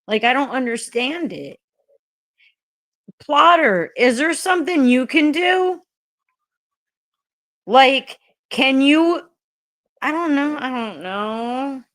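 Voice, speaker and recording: A woman's voice: high-pitched, animated, takes it slowly, long pauses, a bit bright, no echo. A woman hosting a casual livestream, chatting bluntly and profanely with her viewers. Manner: blunt and profane, talking straight to the chat. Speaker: livestream host.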